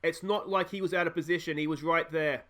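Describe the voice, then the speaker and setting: Excitable Australian man calling his game. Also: a little high, fairly quick. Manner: excitable, shouts at goals, frets over tactics aloud. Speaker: gaming YouTuber. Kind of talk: let's play commentary.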